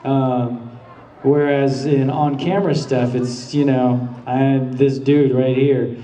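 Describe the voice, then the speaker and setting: A man's voice: medium pitch, fairly even intonation, slow pace, dark tone. Man on a convention panel, recorded from afar. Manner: laid-back, laughs often, many ums and uhs. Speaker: voice actor guest on a convention panel. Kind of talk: panel Q&A storytelling. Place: large convention hall. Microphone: handheld camera far from the stage. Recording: echoey hall from far off, audience. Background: audience murmurs and laughter.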